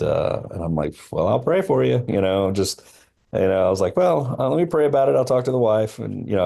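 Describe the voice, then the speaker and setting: Deep-voiced man telling an earnest story. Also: vocal fry, a little mellow. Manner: earnest, halting, many fillers and restarts. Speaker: film line producer, podcast guest. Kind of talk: storytelling in a podcast interview.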